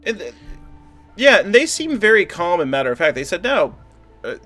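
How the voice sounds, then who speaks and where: A man's voice: high voice, brisk, faint music behind. A man narrating as game master of a tabletop spy game, voicing the other characters in a loose, joking way. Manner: animated, voices NPCs with laughter.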